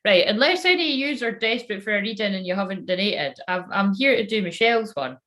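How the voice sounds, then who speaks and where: A woman's voice: medium pitch, animated, quick pace, fairly bright tone. A woman giving a casual live-stream reading. She chats in a self-mocking way, swears freely, and mutters to herself while she fiddles with her phone. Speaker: psychic tarot reader live-streaming.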